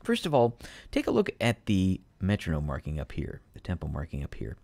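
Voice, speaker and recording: Low-voiced patient male piano teacher. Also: huge pitch swings, fairly quick, creaky, a little mellow, a little hiss or hum. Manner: patient, methodical, emphatic explanations. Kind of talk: explaining a piano piece to students.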